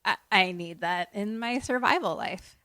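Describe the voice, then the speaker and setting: A young woman co-hosting a podcast, reacting to the story with quick jokes and short interjections. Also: mid-range voice, bright, forceful tone, dry recording, studio quality. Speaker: podcast co-host. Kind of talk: casual chat.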